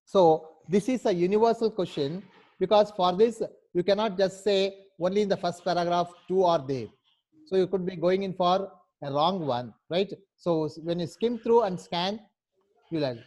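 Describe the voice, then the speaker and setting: A man's voice: sits high, normal speed, a little mellow. A man, teaching a class. He explains patiently and step by step. He keeps checking in with his students by asking "right?". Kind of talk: online class instruction.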